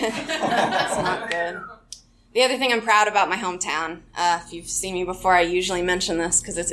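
A young woman comedian from Arkansas doing a live stand-up set on a theater stage, wry and self-mocking, with quick asides and frequent laughter. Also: a little high, a bit bright. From Arkansas, USA.

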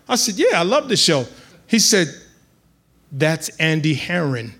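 A man telling a comic personal story live on stage, building to loud excited outbursts. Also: fairly high pitch, measured pace, breathy edge. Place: live venue with audience.

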